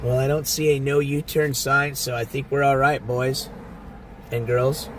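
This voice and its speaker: Driving and streaming at once, a man rambles to his viewers from inside the car, swearing a lot as he answers his chat. His mid-range voice is fairly bright with little pitch movement, and his pace is a little slow. Some faint hiss or hum can be heard.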